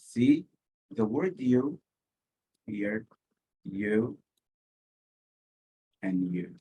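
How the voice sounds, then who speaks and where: A man with an Arabic accent teaches an SAT lesson in a slow, unhurried way. His voice sits on the low side and sounds husky. He often repeats the key word several times to make it stick. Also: expressive, mellow, low-quality recording. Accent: Arabic-speaking. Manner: explains slowly, repeats key words for emphasis. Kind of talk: recorded lecture.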